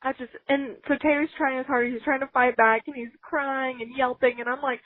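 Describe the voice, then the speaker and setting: A woman co-hosting a podcast, telling an upsetting story in an animated, emotional way, near tears and full of "like". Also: sits high, fairly quick. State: close to tears. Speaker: podcast co-host. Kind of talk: casual chat, storytelling. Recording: phone-like audio.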